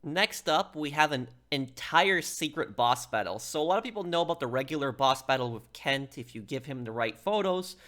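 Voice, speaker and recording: A man's voice: fairly high pitch, expressive, moderate pace, few pauses, fairly bright tone. A man casually explaining game scenes and strategies in walkthrough commentary. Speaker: gaming YouTuber.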